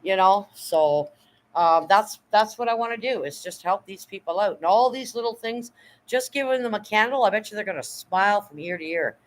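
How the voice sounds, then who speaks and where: A middle-aged woman hosts a casual livestream in a mid-range, expressive voice at normal speed, though the audio is poor. Emotional and effusive, she rambles with fillers and thanks her viewers often.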